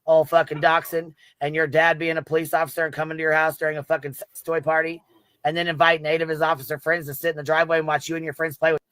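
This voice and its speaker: Man, rapid angry rant, bright edgy tone, dry recording, heavy swearing. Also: a little high, level tone, clean tone, dry recording. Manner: fast, profane, confrontational. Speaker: creator in a played clip.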